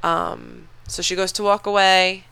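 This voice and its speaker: Podcast host, casual movie recap, profane rambling, gravelly, dry close mic. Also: mid-range voice, lively intonation, measured pace, pushed and bright, dry recording. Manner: rambling, profane, filler-heavy storytelling.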